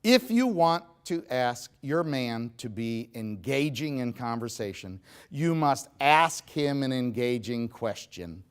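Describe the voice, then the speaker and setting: A middle-aged man giving a humorous seminar talk to a live audience, animated and joking, speaking straight to the crowd. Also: mid-range voice, slow, few pauses, clear, resonant tone. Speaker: motivational speaker.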